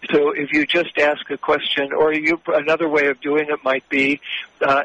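Bright-voiced man explaining mediation. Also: on the high side, little pitch movement, dry recording, highs cut off. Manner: measured, explanatory, with many hesitations. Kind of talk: interview answers.

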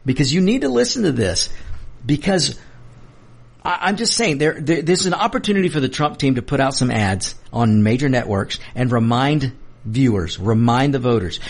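A man's voice: mid-range voice, expressive, brisk, vocal fry, slightly rough. A middle-aged man hosting a political commentary show, delivering an emphatic opinionated monologue straight to his viewers, often restarting and repeating himself.

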